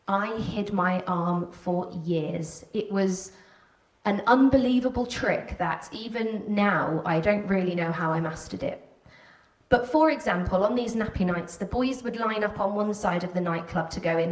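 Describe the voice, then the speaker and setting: A woman with a Welsh border accent tells a candid personal story to a live audience, now and then slipping into the voices of people she remembers. Her voice carries through a roomy hall and reaches the microphone from a distance. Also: fairly low pitch. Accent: Welsh border English. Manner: candid, animated, acts out quoted voices. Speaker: stage speaker telling a personal story. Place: stage before an audience.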